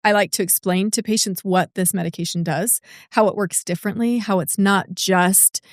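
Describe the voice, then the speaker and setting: A woman's voice: mid-range voice, fairly even intonation, moderate pace, no room sound, clean studio sound. A woman nurse practitioner co-hosting a health podcast, explaining in a casual chatty way with frequent fillers. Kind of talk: casual medical podcast chat.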